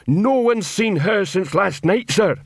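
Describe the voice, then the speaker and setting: A man's voice: sits high, lively intonation, slow, creaky, husky, no echo, studio quality, pitched above the performer's own voice, exaggerated voice. A man voicing a big, dim, loyal male troll soldier who barks orders in a storybook reading. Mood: bellowing. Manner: barking drill orders.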